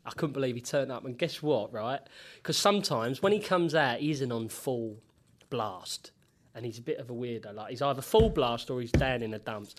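A man's voice: medium pitch, moderate pace, few pauses, a little hiss or hum. A man, a former footballer telling sweary, laddish stories in casual chat. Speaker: former footballer, podcast regular.

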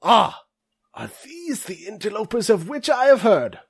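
A man's voice: sits high, sing-song, creaky, breathy edge, voice pushed up, full character voice. A man doing a pompous old orc dean. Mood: stern. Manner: formal, slow and lofty.

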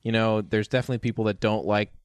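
A man casually reviewing a film with a friend, animated, laughing often and swearing. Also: on the low side, fast talker, smooth, dry recording, clean studio sound. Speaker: podcast co-host. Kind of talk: casual movie review chat.

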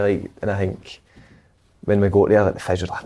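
Young Scottish footballer guest, low pitch, mellow tone, easygoing and rambling. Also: male voice, completely flat delivery, a little fast. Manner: laid-back, rambling, lots of "like" and "mate". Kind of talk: casual chat.

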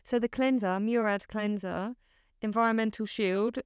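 A woman's voice: mid-range voice, steady tone, moderate pace, smooth, dry recording. A woman co-hosting a podcast, chatting eagerly and laughing often. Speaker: podcast co-host. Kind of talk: casual chat.

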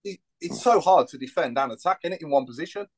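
A man's voice: on the high side, animated, quick pace, darkish tone. A man, chatting about football as a podcast co-host, rambling with lots of fillers. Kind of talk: casual football chat.

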